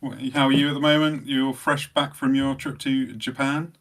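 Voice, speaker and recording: Speaking at a normal speed with a medium pitch and level tone, a man hosts a podcast. His casual chat is relaxed and self-deprecating.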